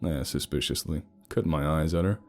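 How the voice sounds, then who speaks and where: A man's voice: extremely low pitch, quick pace, soft background music. A man narrating a first-person romance horror story in a wry, sarcastic storytelling manner.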